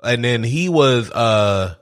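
A man talking through a film with a co-host in loose, casual chat. He swears freely and slips into quick voices for the characters while he recaps the plot. His voice sits at an ordinary middle pitch for a man. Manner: profane, animated retelling with quoted voices.

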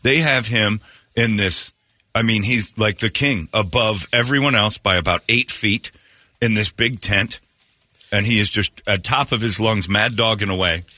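A male radio host rambling through stories in loose conversation. His voice sits low but has a bright, forward edge, and it is recorded dry and close. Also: moderate pace, dry recording. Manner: rambling anecdotes, acts out quoted lines. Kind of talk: casual storytelling chat.

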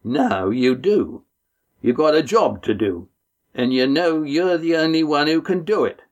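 A man's voice: a little high, expressive, measured pace, a little mellow, pitched above the performer's own voice. A man voicing a blunt, loyal crewman who speaks plainly.

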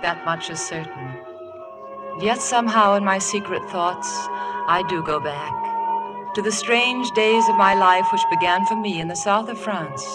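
A woman's voice: mid-range voice, natural voice. An actress playing a timid, poor young woman who narrates and stammers shyly, in 1940s radio drama style, over old radio broadcast music. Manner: stammering, hesitant.

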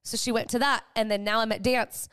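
A woman's voice: a little high, a little fast, clear, resonant tone. A woman in her thirties co-hosting a casual chat podcast, telling stories with lots of fillers. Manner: chatty, animated storytelling with many fillers. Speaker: podcast co-host.

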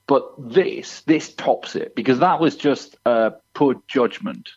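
A man's voice: mid-range voice, slow pace, a little mellow. Guy on the phone, rambly and fed up, lots of restarts, muffled line. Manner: rambling, many restarts, exasperated. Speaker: guest on the phone. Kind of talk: casual chat.

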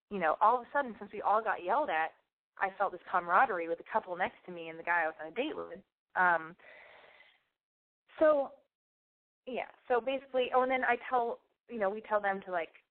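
A young woman telling a rambling personal story in a blunt, profane, animated way, her voice wearing out. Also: on the low side. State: losing her voice. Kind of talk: casual anecdote monologue. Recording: tinny phone-like sound.

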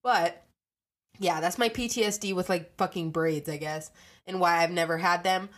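A woman's voice: lowish voice, steady tone, normal speed. A young adult woman hosting a casual monologue podcast, ranting animatedly and swearing freely. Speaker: podcast host.

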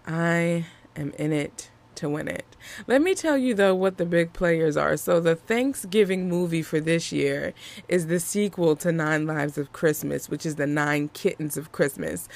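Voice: medium pitch, creaky. A movie reviewer talking casually to viewers in a chatty, emphatic way, often repeating phrases for effect. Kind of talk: casual video commentary.

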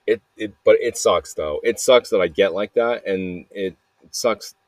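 A man's voice: lowish voice, slow, a little mellow, no echo. A man hosting a podcast, rambling through a personal monologue with frequent swearing and flashes of anger. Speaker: podcast host.

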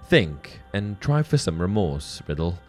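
A man's voice: deep voice, very animated, unhurried, darkish tone. A man reading the lines of an earnest, merciful teenage boy wizard from a storybook, firm and pleading. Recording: faint background music.

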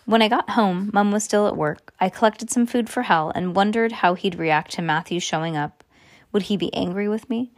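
A woman reading a first-person children's story aloud in a steady, earnest way. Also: medium pitch, normal speed, dry recording, studio quality. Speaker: audiobook narrator.

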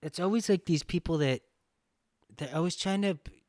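A man's voice: on the high side, moderate pace, darkish tone, no echo, studio quality. A man hosting a podcast, talking bluntly in a profane, ranting casual chat. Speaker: podcast host.

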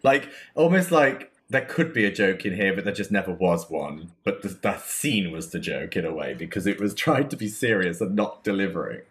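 A man's voice: low voice, sing-song, normal speed, hardly any pauses, a bit bright. A man co-hosting a casual movie review podcast, easygoing and thinking aloud as he talks. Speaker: podcast co-host.

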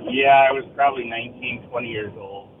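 A man's voice: mid-range voice, fairly quick. Man on a noisy, tinny speakerphone. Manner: blunt, rambling advice. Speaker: caller.

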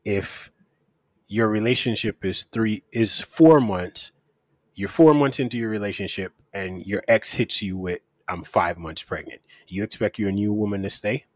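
A man's voice: fairly low pitch, unhurried, dry recording, studio quality. A man co-hosting a casual talk, laying out a long-winded question and insisting on finishing. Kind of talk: casual chat.

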